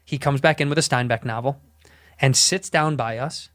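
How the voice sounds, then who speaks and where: A man's voice: mid-range voice, moderate pace, a bit bright. A man telling a story in casual chat, rambling, swearing and cutting himself off mid-sentence. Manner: rambling, profane, self-interrupting. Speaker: podcast storyteller.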